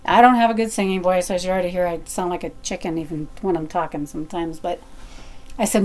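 A middle-aged woman telling a personal story in a chatty, animated way, with fillers and restarts. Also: lowish voice, a little fast.

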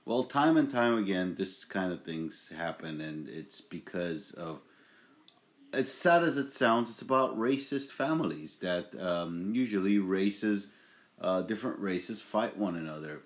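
A young man with a very deep voice hosts a homemade podcast. He rambles casually, stopping and restarting with plenty of fillers. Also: animated, a little slow. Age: young adult. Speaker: podcast host.

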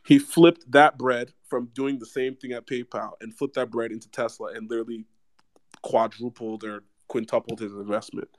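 A man co-hosting a casual podcast chat, telling stories in an animated, profane, joking way. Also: mid-range voice, moderate pace. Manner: animated, profane, jokey storytelling.

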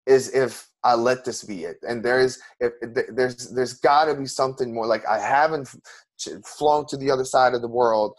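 A man's voice: medium pitch, moderate pace. A man, an interview guest, telling a personal story in an earnest, emotional way with many restarts.

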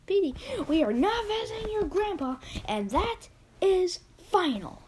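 A woman's voice: sits high, expressive, a little slow. A grumpy grown cat, bossy and distrustful, who snaps out stubborn refusals in a raised voice that swings up and down, as a woman reading a storybook puts him on. He sounds firm and fed up.

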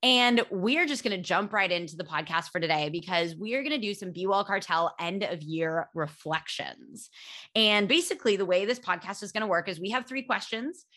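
A woman's voice: mid-range voice, brisk, bright, forceful tone. An American woman co-hosting a podcast, chatty and self-mocking as she tells a story. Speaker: podcast co-host. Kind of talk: casual podcast chat.

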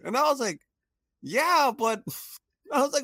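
A man's voice: very high-pitched, animated, unhurried, long pauses, fairly bright tone, no echo, studio quality. A man telling a funny story in casual chat, laughing often and acting out the voices of the people in it.

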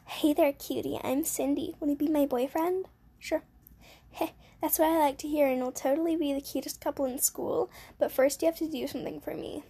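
A woman's voice: high voice, fairly even intonation, a little fast, creaky, warm tone. A woman voicing a bratty, vain little schoolgirl who whines and boasts while playing a game. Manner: whiny, self-important.

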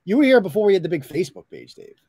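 Blunt, high-voiced host. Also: male voice, wildly swooping pitch, racing, mellow, husky, dry recording. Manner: blunt, swears freely, rambling. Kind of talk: casual live show chat.

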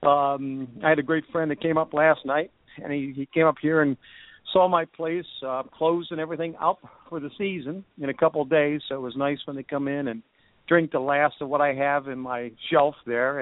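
A man's voice: on the high side, no room sound. A man hosting a casual call-in show, talking in a rambling, chatty way with many fillers. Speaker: podcast host. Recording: dry tinny phone line.

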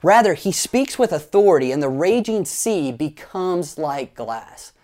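Guy pastor preaching, animated, jokey asides, gets the crowd doing stuff. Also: a little high, unhurried. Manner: animated storyteller, playful asides, leads the congregation in actions. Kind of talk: sermon.

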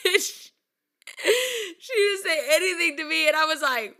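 A young woman telling a story casually and mocking herself, laughing often and jumping up in pitch when she acts out quotes. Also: moderate pace. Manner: chatty and self-mocking, laughs a lot; animated, voice jumps up when acting out quotes. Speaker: vlogger.

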